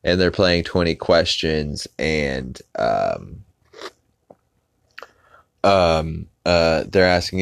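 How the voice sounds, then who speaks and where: Brief: deep-voiced male podcast host, rambling casual recap, dry recording. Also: lively intonation, drawn-out words, gravelly, long pauses, clean tone, no echo. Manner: rambling with many filler "uh"s.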